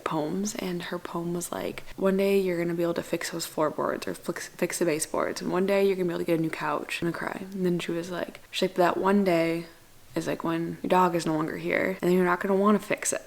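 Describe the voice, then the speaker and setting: A young woman vlogging casually at home while doing chores, chatty and full of likes, often dropping to a soft whisper. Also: lowish voice, steady tone, quick pace, vocal fry. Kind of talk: casual vlog chat.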